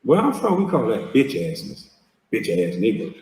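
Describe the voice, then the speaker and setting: A man's voice: mid-range voice, huge pitch swings, moderate pace, a little mellow, distant mic. A man hosting a heated reaction commentary, mocking and confrontational and swearing a lot. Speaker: host reacting to a video clip. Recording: echoey room, speaker off mic.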